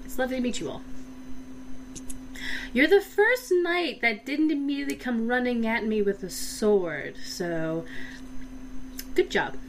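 A woman voicing a gracious, friendly dragon princess who gently teases her guests. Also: a little high, expressive, unhurried, pauses often, slight background noise, voice pushed up, rough recording. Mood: gracious, amused.

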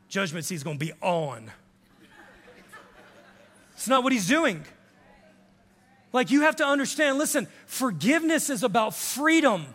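A pastor around fifty preaching a sermon in a church sanctuary, impassioned, swinging from hushed to shouting and acting out the voices of others. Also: male voice, very high-pitched, lively intonation, a little slow, long pauses, big-room sound. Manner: acts out quoted voices of others.

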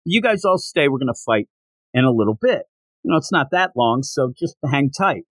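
A man's voice: mid-range voice, expressive, moderate pace, a bit bright, no echo. A man voicing a flustered male tournament announcer who sounds officious and exasperated.

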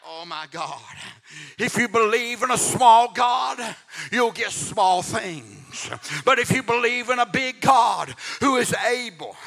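A man's voice: very high voice, lively intonation, slow, gravelly, bright, forceful tone. A man preaching a sermon in a rising, sung cadence and calling out to the congregation again and again. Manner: repetitive calls to the congregation.

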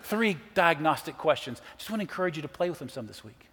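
A man's voice: a little high, big pitch swings, fast talker, fairly bright tone, slightly rough, long reverb tail. A middle-aged man preaching a sermon as a pastor, telling stories in an earnest way and quoting others. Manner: earnest storytelling with quoted voices.

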